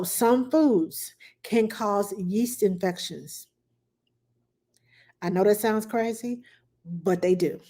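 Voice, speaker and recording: A woman hosting a casual advice talk for parents. Her voice sits at an ordinary middle pitch, and she talks in a loose, chatty way, full of fillers and storytelling asides. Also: dark tone. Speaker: childcare advice host.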